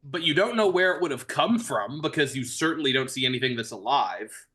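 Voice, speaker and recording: A man's voice: mid-range voice, animated, fairly quick, bright, forceful tone. A man narrating as game master of a tabletop game, rambling and searching for words with many fillers.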